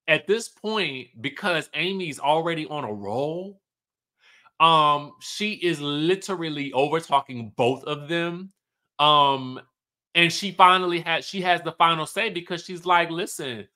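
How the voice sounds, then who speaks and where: A chatty man recaps a reality TV episode for his channel in a casual, animated way, slipping into the cast's lines as he tells it. His voice sits a little high for a man and has a bright, forceful edge. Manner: chatty and animated, acts out cast members' lines.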